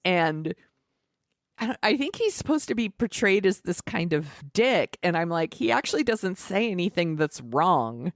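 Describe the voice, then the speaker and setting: A woman with a lower-pitched voice co-hosting a podcast in loose, casual conversation. She talks freely, laughs often and slips into quoted lines. The sound is close and dry. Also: sing-song, normal speed, dry recording. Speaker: podcast co-host. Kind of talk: casual chat.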